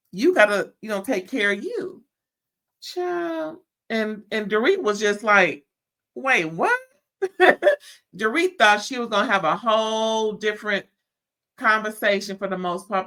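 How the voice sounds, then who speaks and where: A chatty woman, recapping a reality show in a loose, talkative way. She stretches out her exclamations and keeps up a friendly back-and-forth with her viewers, in a medium voice. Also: medium pitch. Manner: chatty, animated, drawn-out exclamations like "girl" and "mm-mm". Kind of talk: casual chat recap.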